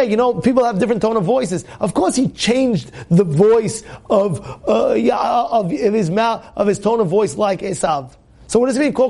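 A man giving an informal Torah talk to young listeners, animated and repetitive, full of fillers and restarts. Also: high-pitched. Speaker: Torah teacher.

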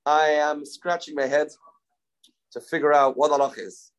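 A man's voice: fairly high pitch, level tone, moderate pace. Man thinking aloud through a Talmud class. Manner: thinking aloud, repeating phrases, mixing Hebrew terms into English. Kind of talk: informal Talmud lesson.

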